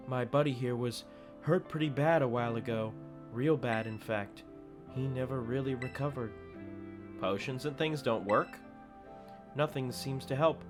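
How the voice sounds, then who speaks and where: A man reading as a gruff, quiet teenage boy. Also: fairly quick, over music, natural voice. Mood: somber. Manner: low, quiet, subdued reading of game dialogue.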